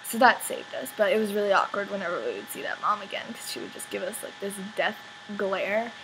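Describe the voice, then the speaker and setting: Teen girl vlogging, says like a lot, kinda rambly, normal pitch. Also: lively intonation, fairly quick, noisy background. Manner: rambling, many "like" fillers. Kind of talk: casual storytelling vlog.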